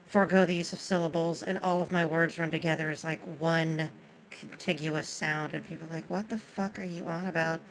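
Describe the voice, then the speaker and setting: A woman's voice: sits low, gravelly, rough recording. A woman whose first language is Japanese, giving chatty, swearing commentary on a game and talking to her chat. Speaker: streamer.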